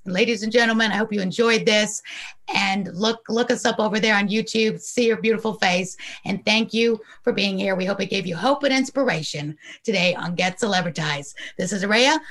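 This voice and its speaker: A woman's voice: medium pitch, fairly bright tone. A woman hosting a podcast who talks in an effusive, encouraging, emphatic way. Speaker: podcast host. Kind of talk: upbeat interview wrap-up.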